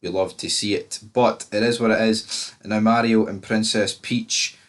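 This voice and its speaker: Low-voiced Scottish man reviewing a film. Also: steady tone, moderate pace. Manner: rambling, swears freely, frequent fillers and restarts. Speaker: movie reviewer. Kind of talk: casual chat.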